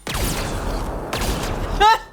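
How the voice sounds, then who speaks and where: A young woman voice actor chatting casually on a live gaming stream, animated and quick to laugh. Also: faint music behind. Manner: animated, laughs often, bursts into loud high outbursts.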